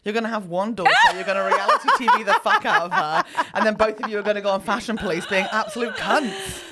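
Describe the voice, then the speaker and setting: A woman's voice: fairly high pitch, very animated, fast talker, heavy background noise. A woman comedian co-hosting a podcast, chatting casually in a teasing, blunt way with some swearing. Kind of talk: casual chat.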